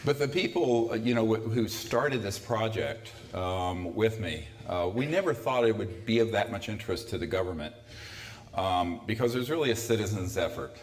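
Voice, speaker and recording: A man's voice: on the low side, animated, normal speed. A man in his sixties giving a conversational public talk to a live audience, with dry sardonic asides. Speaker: lecturer. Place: lecture hall. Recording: echoey hall.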